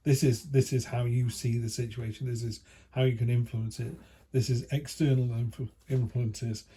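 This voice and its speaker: A man's voice: medium pitch, little pitch movement, normal speed, warm tone, slightly rough. A man giving a casual, chatty tarot reading from home, enthusiastic and full of fillers. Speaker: tarot reader. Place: home by a field. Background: faint outdoor ambience, dogs passing.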